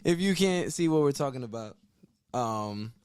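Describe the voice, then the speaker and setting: A man's voice: mid-range voice, animated, normal speed, a little mellow, smooth, no echo. Laid-back teasing man, dry close sound. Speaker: podcast co-host. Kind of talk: casual chat.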